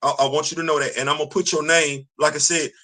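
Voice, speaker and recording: Bright, scolding man with a high voice. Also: little pitch movement, quick pace. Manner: preachy, repetitive, scolding. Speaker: video commentator. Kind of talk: casual opinion rant to camera.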